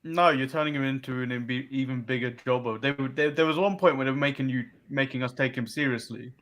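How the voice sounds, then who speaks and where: A man's voice: medium pitch, brisk, a bit bright. A man from England co-hosting a casual wrestling recap show, dry and dismissive as he recaps. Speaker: podcast co-host.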